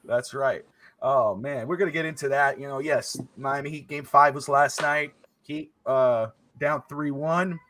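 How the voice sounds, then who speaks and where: A man's voice: mid-range voice, fairly even intonation, a little slow, a bit bright. A man hosting a casual sports talk show, chatty and emphatic, on a close mic. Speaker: podcast host.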